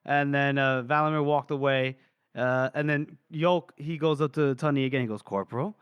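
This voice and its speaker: A man's voice: medium pitch, fairly even intonation, moderate pace, fairly bright tone, clear, resonant tone, dry recording, dull audio. A young man co-hosting a podcast, animatedly retelling a book chapter in casual chat and briefly acting out the characters' lines. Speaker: podcast co-host.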